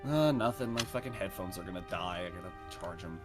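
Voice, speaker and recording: Guy at the d&d table, kinda low voice, music playing clearly behind him. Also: brisk. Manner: casual, swearing. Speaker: player. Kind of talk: casual chat.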